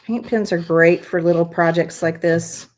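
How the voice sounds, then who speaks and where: A woman with a lowish, darkish voice hosts a live crafting stream, chatting while she shows each step. Her intonation stays fairly even at a moderate pace, and she's encouraging, guiding viewers one step at a time.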